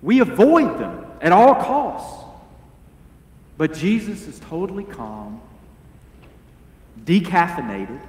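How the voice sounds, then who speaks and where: A man preaching a sermon as pastor, earnest and deliberate, asking the congregation rhetorical questions. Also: a little high, big pitch swings, darkish tone, echoey room, long reverb tail, slight background noise. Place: church sanctuary.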